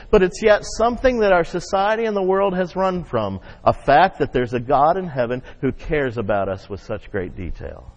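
Emphatic pastor in a reverberant hall. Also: male voice, mid-range voice. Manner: emphatic, swings from loud to hushed. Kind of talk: sermon. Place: church sanctuary. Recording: dull audio with long hall reverb.

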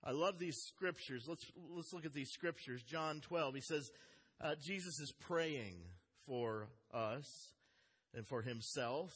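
A man's voice: fairly high pitch, unhurried, fairly bright tone, husky. A man preaching a sermon as a pastor, speaking earnestly and reading scripture aloud with emphasis. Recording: long hall reverb.

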